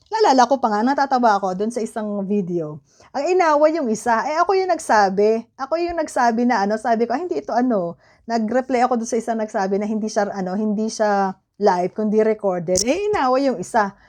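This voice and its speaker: Chatty Filipino-accented woman, slightly high voice. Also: animated, fast, darkish tone. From Philippines. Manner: candid, rambling, searches for words. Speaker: vlogger. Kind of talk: casual chat.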